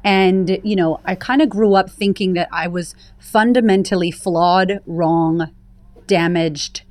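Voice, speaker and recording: A woman's voice: on the low side, fairly even intonation, slow, a little mellow, no echo. A woman talking openly and emphatically as a guest on an interview podcast, telling her story. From United States. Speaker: podcast guest, confidence coach. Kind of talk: candid interview conversation.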